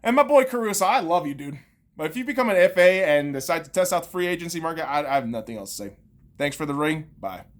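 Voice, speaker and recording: Woman ranting with a swooping pitch. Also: expressive, quick pace. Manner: profane, heated ranting with sarcastic asides. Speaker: podcast host. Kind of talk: sports rant on a podcast.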